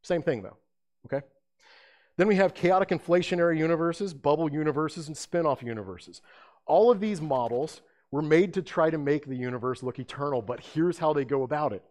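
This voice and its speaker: A man giving a lecture-style sermon, talking lively and conversationally and asking his audience questions. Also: a little high, fairly quick. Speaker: speaker presenting apologetics.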